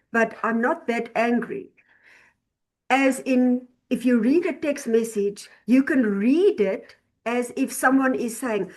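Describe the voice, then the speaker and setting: A woman with a fairly high voice teaches an online class over a video call. She talks slowly and deliberately, explaining each point and often repeating or restarting her phrases.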